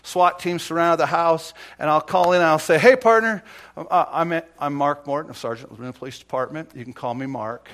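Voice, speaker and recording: A middle-aged man preaches in church with a fairly high voice. He tells anecdotes in a low, confiding tone, then climbs into loud, rising exhortations. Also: steady tone, fairly quick, hardly any pauses. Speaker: pastor, former police negotiator. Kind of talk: sermon with storytelling.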